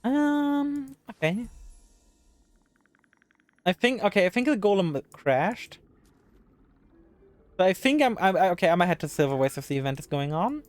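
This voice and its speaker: A woman's voice: mid-range voice, sing-song, measured pace, long pauses, a little mellow, dry recording. Exasperated woman streaming a game. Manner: exasperated, talks to the game characters; swears freely. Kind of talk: live gameplay commentary.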